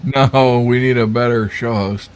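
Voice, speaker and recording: A man's voice: mid-range voice, steady tone, clean tone. A man hosting a casual live podcast trivia game, joking and laughing as he goes. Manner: joking, laughing, drawn-out delivery. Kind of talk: casual live-stream banter.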